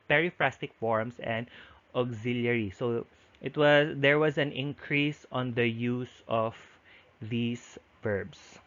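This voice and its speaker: A man delivers a recorded lecture at a middle pitch. He explains each point patiently, often restarting mid-sentence. The audio is dull and lo-fi. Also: a bit bright.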